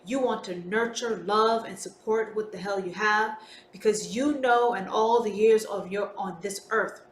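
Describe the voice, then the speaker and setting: A woman hosting a solo podcast monologue, talking in an emphatic, deliberate way and swearing freely. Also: medium pitch. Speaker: podcast host. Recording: roomy with faint background noise.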